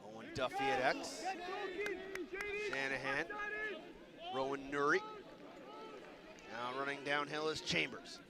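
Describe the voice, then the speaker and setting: A man calling a lacrosse game live, rattling off names quickly and shouting on goals and saves. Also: medium pitch, fairly even intonation, creaky, very noisy. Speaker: play-by-play commentator. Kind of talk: live sports commentary. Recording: loud stadium crowd behind.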